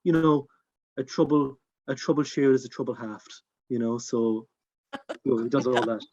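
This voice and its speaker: A man's voice: mid-range voice, level tone, moderate pace, darkish tone, slight background noise, close to an everyday voice. Guy doing a melodious welsh-ish clan healer, soothing, hesitant, kinda dull audio. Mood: coaxing. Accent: Welsh, put on. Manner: hesitant, coaxing, full of fillers.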